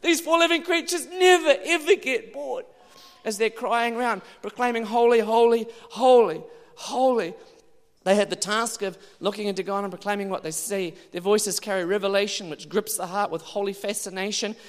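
A male preacher giving an animated sermon, now and then bursting into loud exclamations. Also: high-pitched, normal speed. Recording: long hall reverb.

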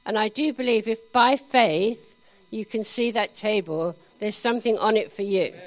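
A woman at a church meeting sharing a vision in a gentle, halting way with small fillers. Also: medium pitch, soft background music. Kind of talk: charismatic church talk.

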